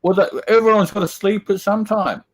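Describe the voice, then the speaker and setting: A man's voice: high-pitched, steady tone, fairly quick, rough recording. A man co-hosting a casual livestream over a video call, friendly, reading out viewer comments and chatting. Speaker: livestream co-host reading chat.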